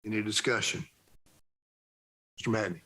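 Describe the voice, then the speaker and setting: A man serving as mayor, chairing a council meeting in a brisk, procedural way. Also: on the low side, sharp tone, low-quality recording. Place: city council chamber.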